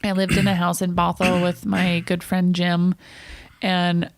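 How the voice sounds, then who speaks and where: Lower-voiced female podcast co-host, matter-of-fact storyteller, dry sound. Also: completely flat delivery, unhurried, no echo. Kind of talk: casual couple's podcast chat.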